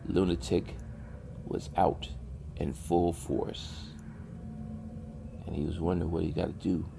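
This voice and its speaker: A man's voice: low-pitched, level tone, measured pace, gravelly, noisy background. A man casually narrating a horror story in a drawling, colloquial way with loose grammar.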